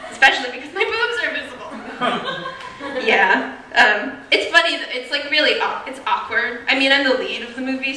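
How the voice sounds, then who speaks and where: A young woman performs a stand-up comedy set in a small live venue with an audience, chatty and self-mocking, laughing at her own jokes. Her voice is a little high with a sharp tone, and there's slight background noise. The distant mic gives a roomy sound with faint ambience.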